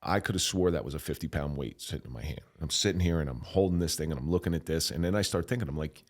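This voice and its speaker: A middle-aged man telling his own story as a podcast guest, candid and emotional, stopping and restarting often and swearing bluntly. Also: a bass voice. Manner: halting, emotional, frequent restarts.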